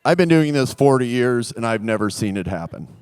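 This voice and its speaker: A man voicing a calm veteran male doctor who talks slowly and matter-of-factly. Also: medium pitch, clean tone, pitched below the performer's own voice, natural voice. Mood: assured.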